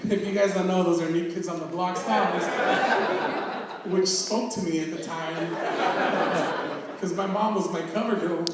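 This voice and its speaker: High-voiced man doing stand-up, far off in a roomy hall. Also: moderate pace, a loud crowd. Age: 30s. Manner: self-mocking storytelling with acted-out quotes. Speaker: stand-up comedian. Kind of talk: stand-up comedy set. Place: live comedy show in an echoey hall. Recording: roomy live hall recording from far off, audience laughter. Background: audience laughing.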